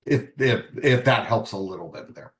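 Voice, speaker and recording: A man presenting a writing workshop in a relaxed lecture style, talking conversationally and acting out short scenes with quick voice changes. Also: lowish voice. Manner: conversational, acts out little scenes with quick voice shifts.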